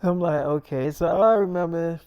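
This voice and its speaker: Mellow-voiced man rambling a casual story. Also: fairly high pitch, a little fast, clean tone, dry recording, lo-fi sound. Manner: loose, repetitive, full of "you know". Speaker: vlogger.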